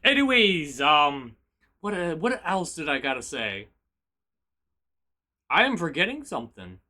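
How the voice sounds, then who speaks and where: A man streaming live, chatting casually with his viewers in a chaotic, energetic way. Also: fairly high pitch, a little slow.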